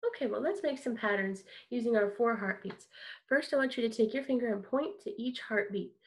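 A woman's voice: on the high side, a little fast. A woman teaching an online kindergarten music lesson, upbeat and encouraging, leading call-and-response.

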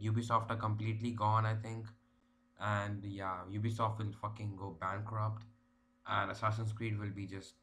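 A man's voice: fairly low pitch, bright, forceful tone. A man ranting casually in a gaming vlog, exasperated and profane, with many restarts. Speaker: gaming vlogger.

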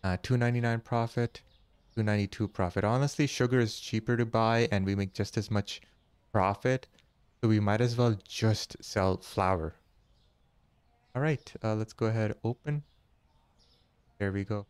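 A man hosting a casual let's-play, chatty and jokey, thinking aloud and counting money out loud as he goes. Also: fairly low pitch, moderate pace, pauses often, smooth, no room sound. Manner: jokey, easily startled. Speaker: gaming channel host.

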